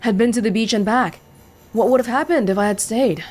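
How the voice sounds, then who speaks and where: A man's voice: sits high, brisk, soft background music. Revived man, earnest, grateful, recounting, game dialogue. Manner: earnest storytelling.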